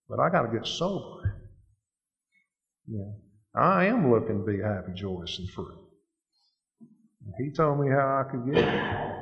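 A man giving an earnest, plain-spoken personal testimony at a recovery meeting. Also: medium pitch. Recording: echoey hall, dull lo-fi sound.

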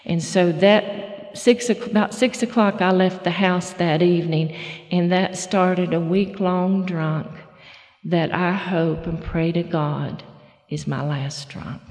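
A woman telling her recovery story to a live audience in a halting, folksy way with many restarts. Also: on the low side, fairly even intonation, a little mellow. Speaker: speaker sharing recovery story. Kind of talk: personal testimony to a live audience. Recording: long hall reverb.

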